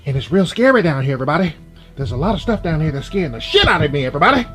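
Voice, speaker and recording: A man voicing a jittery male ghost-hunting vlogger who keeps saying "everybody" in a fearful, hushed narration, with loud music behind. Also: on the high side, sing-song, racing. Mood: scared. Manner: ends nearly every sentence with "everybody".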